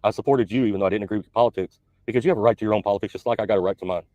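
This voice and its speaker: A man's voice: fairly low pitch, racing, darkish tone, dry recording, muffled recording. A man who drives trucks, ranting bluntly at a fellow driver in a clip. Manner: blunt, confrontational. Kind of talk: recorded video rant.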